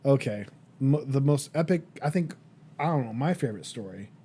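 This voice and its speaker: A man's voice: mid-range voice, expressive, a little fast, dark tone, slightly rough. A young man co-hosting a podcast, chatting casually and telling stories with many fillers and restarts. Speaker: podcast co-host. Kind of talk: casual chat.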